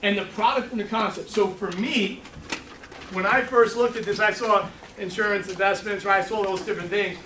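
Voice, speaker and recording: A man leads a sales training in a meeting room, throwing questions at his audience and telling brash, joking stories. His voice sits high and bright. He is picked up from far off, in a room with plenty of echo. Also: steady tone, normal speed, slight background noise. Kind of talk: live training talk. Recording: echoey room, mic from far off.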